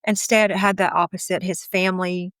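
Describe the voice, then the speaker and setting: This is a woman in her fifties sharing a personal story as an interview guest. She speaks candidly and outspokenly in a fairly low voice and laughs now and then. The sound is dry and close. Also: little pitch movement, fairly quick, a bit bright, no room sound.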